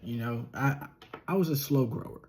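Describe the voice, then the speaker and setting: A young man telling a personal story as a relaxed podcast monologue, slightly nasal and often chuckling or trailing off. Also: mid-range voice, normal speed. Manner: laid-back, chuckling, trails off with ums. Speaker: podcast host.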